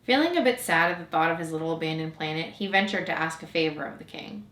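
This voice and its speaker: A woman narrating a storybook aloud in a gentle, even storytelling manner. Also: low-pitched, fast talker, hardly any pauses. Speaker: storybook reader. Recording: roomy echo.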